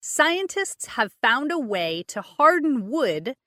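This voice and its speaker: A woman's voice: high voice, very animated, slow, pushed and bright, dry recording, clean studio sound. A woman co-hosting a casual podcast, reading out science articles with joking asides. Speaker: co-host.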